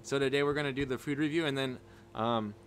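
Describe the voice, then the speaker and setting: A man hosts a casual livestream chat from a room at home, rambling with many restarts and fillers and thanking viewers by name. He uses a desk microphone with a level meter. His voice is medium-pitched and steady, he talks fast, and there's slight background noise.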